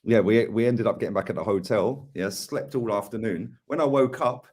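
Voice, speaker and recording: A man's voice: on the low side, normal speed, darkish tone, breathy edge. Chatty man telling long stories. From England. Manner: chatty storyteller, says "yeah" and "mate" a lot. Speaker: co-host of a football live stream. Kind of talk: casual chat.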